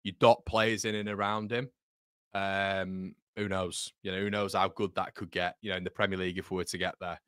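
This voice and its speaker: A man hosting a live football watchalong, commentating excitably and bantering with his chat. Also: low voice, brisk, clear, resonant tone, no room sound, studio quality.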